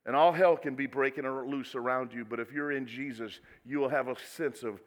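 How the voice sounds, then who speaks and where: A male pastor preaching a sermon, swinging from quiet asides to loud, dramatic exclamations. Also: mid-range voice, a little fast. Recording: echoey hall with long reverb.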